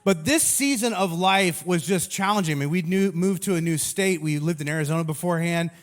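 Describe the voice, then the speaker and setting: A pastor with a fairly high voice gives a humorous sermon at a fairly quick clip. He tells stories in an animated, lively way, full of jokes at his own expense.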